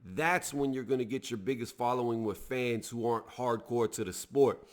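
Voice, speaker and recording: A man's voice: mid-range voice, normal speed. A man giving blunt, heated opinion commentary on a sports news story, talking casually to his viewers. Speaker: boxing video reviewer.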